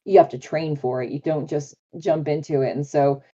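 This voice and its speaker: Enthusiastic low-voiced woman guest. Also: fairly even intonation, normal speed, dark tone, dull audio. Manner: bubbly, enthusiastic, lots of "like" fillers. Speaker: voice actor guest. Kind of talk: live interview chat.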